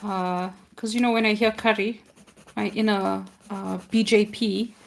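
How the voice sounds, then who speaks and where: A woman's voice: medium pitch, fairly even intonation, measured pace, gravelly. Chatty woman cohosting an art stream, jokey, makes fun of herself a lot. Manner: chatty, self-deprecating, jokey. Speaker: co-host of an art livestream. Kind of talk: casual chat while painting.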